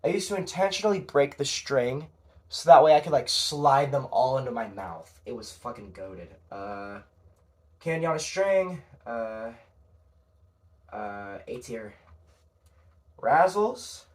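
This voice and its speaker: A man's voice: medium pitch, animated, unhurried. A young man talking casually on his own, rambling and hesitant, with frequent fillers and casual swearing. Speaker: podcast narrator. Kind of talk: casual solo commentary.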